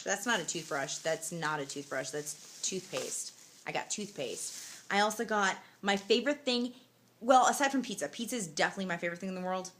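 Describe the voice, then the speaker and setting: A young woman vlogging casually from a hotel room, telling a story in a tired, emotional but animated way, full of fillers like "like" and "you know". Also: lowish voice, background noise. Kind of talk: casual vlog to camera.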